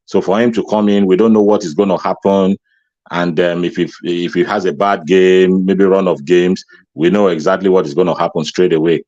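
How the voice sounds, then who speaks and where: A man speaking as a guest on a casual live stream, laying out his views with "um" pauses. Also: low voice, steady tone, darkish tone, dry recording, muffled recording. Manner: measured, reasoned speech with "um" pauses. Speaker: guest commentator. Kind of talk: casual chat.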